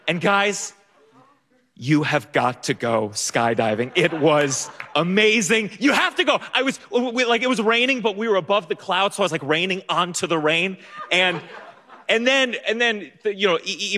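A man's voice: high voice, pushed and bright, big-room sound, a little hiss or hum. A young man telling a funny personal story on stage, stammering through restarts and laughing at himself. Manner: stammering restarts, self-mocking, often laughing. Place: theater stage.

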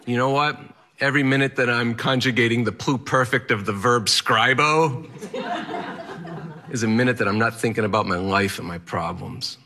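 A man's voice: mid-range voice, moderate pace, sharp tone. A man telling a personal story on stage in vivid present tense, with a wry touch.

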